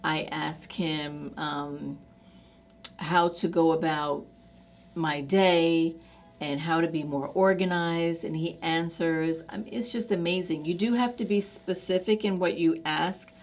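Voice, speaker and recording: A woman's voice: low voice, steady tone, slow pace. A woman vlogger chatting casually to camera in an effusive, enthusiastic way, with many fillers.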